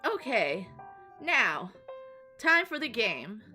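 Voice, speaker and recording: Bright-voiced chatty woman streamer. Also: on the high side, sing-song, takes it slowly. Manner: chatty, rambling, apologetic. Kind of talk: casual live-stream chat. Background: soft background music.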